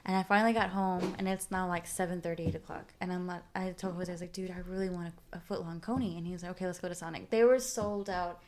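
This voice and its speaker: A woman's voice: fairly low pitch, steady tone, quick pace, hardly any pauses, darkish tone, slight background noise. A young adult woman, a guest on a casual interview, talking candidly and confessionally about her own life. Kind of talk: casual conversation.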